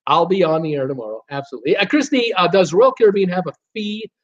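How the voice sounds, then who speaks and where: A man's voice: sits high, lively intonation, fast talker, lo-fi sound. A man hosting a live-stream show, chatting casually and reading viewer comments aloud with lots of fillers. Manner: chatty, rambling, reads chat messages aloud with many fillers. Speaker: host of a live cruise show.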